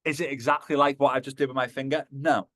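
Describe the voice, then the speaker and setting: A man giving a motivational talk to a live audience, animated and jokey, slipping into acted voices. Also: mid-range voice, fast, no echo. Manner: animated, acts out quoted voices, jokey asides. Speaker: motivational speaker.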